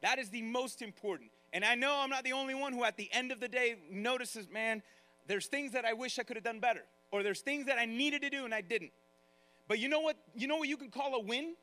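A male pastor preaching with a strikingly high voice. His tone is bright and forceful. He talks straight to his listeners and briefly acts out other people's voices to make his points. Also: a little fast. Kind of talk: sermon.

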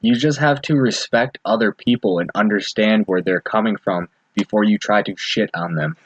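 A man's voice: lowish voice, normal speed, husky. A man talking earnestly in a casual podcast chat, swearing and using many fillers. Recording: dull lo-fi dry sound.

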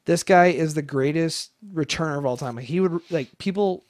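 A young man tells a story on a podcast, swearing freely and acting out each person in it. His voice sits a bit high for a man and comes across dry and close, with no room around it. His telling is lively and casual. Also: moderate pace, no echo. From Chicago area, United States. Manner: animated, swears a lot, acts out quoted voices. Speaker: podcast co-host.

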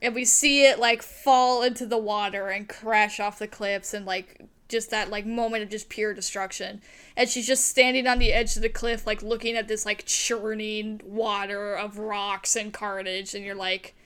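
A woman chatting casually on a podcast, excited and rambling, swearing freely and filling her talk with "like". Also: medium pitch, normal speed, smooth.

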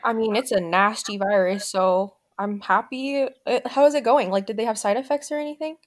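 A woman's voice: a little high, brisk. A young woman co-hosting a podcast, chatting in an easygoing, supportive way. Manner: easygoing, supportive, says "like" often. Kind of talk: casual chat.

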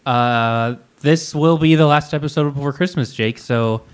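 A man's voice: medium pitch, a little slow, clean tone. A man co-hosting a podcast, playful and mock-formal in casual chat. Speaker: podcast co-host.

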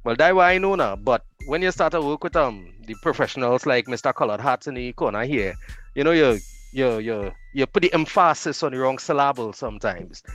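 A man with a Trinidadian accent, a radio host chatting as a podcast guest, telling animated stories. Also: medium pitch, fairly quick, soft background music. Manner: animated storyteller, laughs easily. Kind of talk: casual chat.

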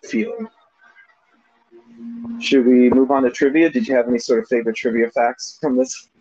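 A man's voice: medium pitch, big pitch swings, moderate pace, darkish tone, husky. A man co-hosting a casual movie discussion podcast, laughing often and animatedly quoting lines from the film. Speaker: podcast co-host. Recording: dull lo-fi sound.

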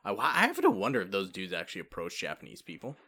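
Bright, lively man in casual chat. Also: sits low, quick pace.

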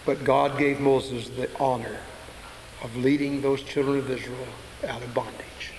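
A man preaching a sermon to an audience, emphatic and slowing down to stress key points. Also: medium pitch, flat delivery, a little mellow. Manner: emphatic, slows down for stress, breaks into acted quotes. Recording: echoey hall with faint hiss.

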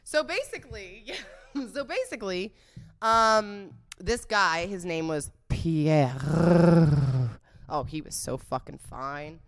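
A woman's voice: mid-range voice, expressive, unhurried, pushed and bright. A young woman telling a candid, profane dating story in casual chat, giggling as she goes.

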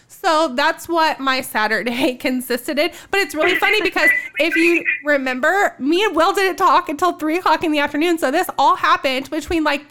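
A young woman telling a story in casual chat, animated and laughing often, with many fillers. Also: sits high.

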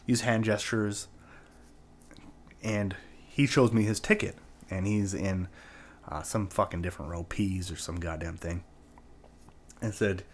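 A man's voice: low voice, fairly even intonation, measured pace, pauses often, slight background noise. A man from Canada telling a personal anecdote in a casual, profane, rambling way, full of "like" and "right?". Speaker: storyteller.

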